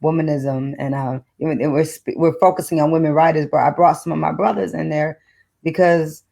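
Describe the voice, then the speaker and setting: A middle-aged poet from Detroit, United States, joins an online book club as a guest author over a video call, reading poetry with a rhythmic, emphatic spoken-word delivery. Between poems she talks easily. Her low, dark voice is steady and carries vocal fry, at a normal speed.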